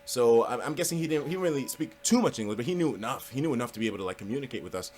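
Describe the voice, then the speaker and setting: A man's voice: medium pitch, expressive, racing, darkish tone. A man telling a story on his vlog in an emphatic, profane and heated way. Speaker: vlogger.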